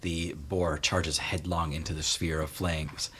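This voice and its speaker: Deep-voiced man running a tabletop game. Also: measured pace, breathy edge. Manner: relaxed, with many fillers and chuckles. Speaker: game master.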